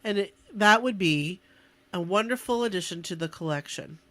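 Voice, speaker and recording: A woman's voice: mid-range voice, animated, normal speed, sharp tone. Playful woman co-host, dry close sound. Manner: playful, echoes and teases her co-host. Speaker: podcast co-host. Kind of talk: casual podcast chat.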